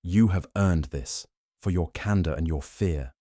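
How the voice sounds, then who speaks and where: A man voicing Sherlock Holmes, calm and smooth. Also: low voice, no room sound, clean studio sound. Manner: smooth, measured, almost kind. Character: Sherlock Holmes, calm keen-eyed male detective.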